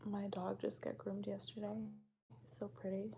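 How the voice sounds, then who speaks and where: A woman's voice: medium pitch, monotone, normal speed, gravelly, warm tone, a little hiss or hum. A woman vlogger in casual chat to the camera, laid-back, sighing often and swearing offhandedly.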